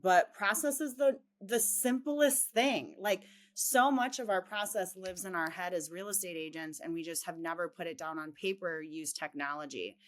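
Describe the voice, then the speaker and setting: A woman's voice: lowish voice, moderate pace, hardly any pauses. A woman from Chicago with a light Chicago accent, an upbeat, direct interview guest who laughs easily. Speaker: real estate coaching head.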